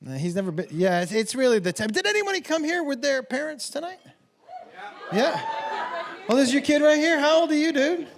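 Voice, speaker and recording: A middle-aged man doing stand-up comedy, telling stories in a brash, profane, animated way on a comedy club stage. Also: extremely high pitch, brisk. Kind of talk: stand-up storytelling. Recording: live show with roaring crowd.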